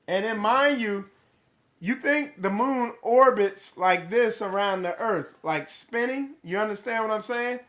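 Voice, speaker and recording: High-voiced, slow-talking man. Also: sing-song. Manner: rambling, rhetorical questions, casual swearing. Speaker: host of a spiritual livestream. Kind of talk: casual livestream talk to viewers.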